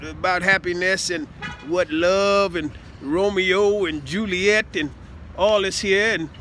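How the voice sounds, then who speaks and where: Stammering high-voiced man, rambling outdoors. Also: steady tone, a bit bright, a little hiss or hum. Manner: halting, full of stammered repeats and "see?". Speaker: self-styled speaker addressing listeners. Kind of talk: rambling improvised monologue.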